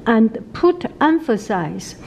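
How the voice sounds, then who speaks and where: A woman with a Chinese accent, a native Chinese speaker, teaching pronunciation in a casual video lesson and repeating sounds many times, slowly and patiently. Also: on the high side, big pitch swings, gravelly, darkish tone, rough recording.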